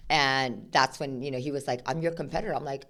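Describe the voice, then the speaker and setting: A woman from Sacramento, a guest on a podcast, tells animated stories and acts out both sides of conversations, with plenty of "like" and "you know". Her voice sits low for a woman, and she talks casually. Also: fast talker. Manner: animated storyteller, acts out quoted exchanges, many fillers. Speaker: attorney guest. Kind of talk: casual interview chat.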